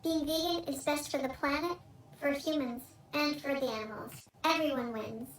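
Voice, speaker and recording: A woman using a pitched-up voice changer to make farm animals seem to talk, lecturing earnestly. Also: moderate pace. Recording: echoey, distant, faint noise.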